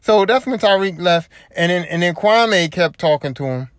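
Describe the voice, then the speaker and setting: A man's voice: high-pitched, lively intonation, moderate pace, fairly bright tone, dry recording, studio quality. A young man, retelling a story on his podcast and acting out what other people said. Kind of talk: casual storytelling monologue. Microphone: home podcast mic.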